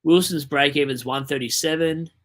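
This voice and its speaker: A man's voice: a little high, moderate pace, fairly bright tone. A young Australian man hosting a casual livestream, chatting loosely, rambling and reading out viewer messages. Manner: chatty, rambling, reads chat aloud. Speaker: livestream host.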